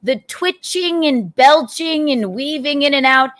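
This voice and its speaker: A woman's voice: sits high, lively intonation, measured pace, fairly bright tone. A woman, the host's partner, teasing him with exasperated, laughing complaints. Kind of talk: casual teasing chat.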